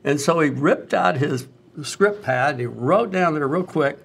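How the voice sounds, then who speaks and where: A middle-aged male physician in a conversational health talk, telling stories and turning animated when he quotes others. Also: fairly high pitch, moderate pace, gravelly, slightly rough. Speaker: physician host.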